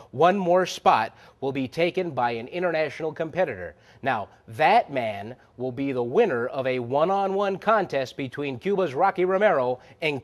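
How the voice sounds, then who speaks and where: Man, wrestling announcer, upbeat promo delivery, slightly high pitch.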